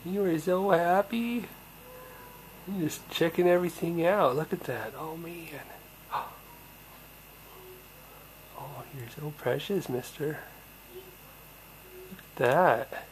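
Young man, parent, home video, cooing baby talk, gasps, unhurried. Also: a little high, a little hiss or hum, low-quality recording.

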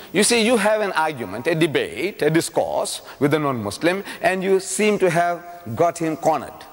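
Animated male lecturer in an echoey hall. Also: a little high. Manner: animated storyteller, rhetorical questions to the audience. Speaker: Islamic lecturer. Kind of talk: public lecture with storytelling. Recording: echoey hall with long reverb.

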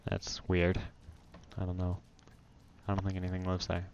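A man hosting a let's play, chatting casually while gaming and breaking into loud startled exclamations. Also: low voice, completely flat delivery, moderate pace, vocal fry, lo-fi sound, a little hiss or hum.

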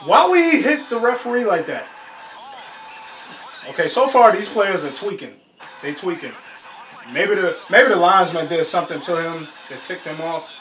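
A high-voiced man hosts a sports reaction video, chatting in loose slang and bursting into shouts and laughter. He sits some distance from the mic in a roomy, echoing space. A faint hiss runs underneath. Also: normal speed, long pauses. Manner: animated, laughing often, slangy exclamations. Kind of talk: casual reaction commentary.

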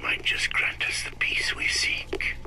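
An actor playing a doomed old soldier in a video game audio log, speaking in a hushed, gravelly voice. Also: male voice, unhurried, in a whisper, natural voice, poor audio. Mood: grim. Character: doomed old male soldier, grim and solemn.

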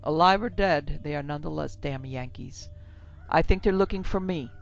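A woman voicing a cold, soft-spoken outlaw soldier in a horror audio story, talking low, quiet and menacing. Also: moderate pace, creaky. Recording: dull lo-fi with faint music.

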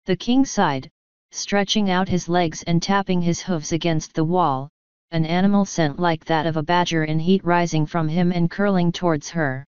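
A woman reading a fantasy audiobook with steady, expressive storytelling. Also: lowish voice, moderate pace, clean tone, no room sound, muffled recording. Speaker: audiobook reader. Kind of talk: audiobook narration.

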